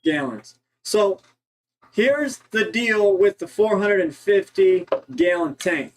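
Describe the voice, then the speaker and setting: A man with a slightly higher voice talks in a loose livestream chat, rambling and halting. He trips over his words and restarts often as he thinks aloud. He is from Ohio. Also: animated, rough recording. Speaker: co-host.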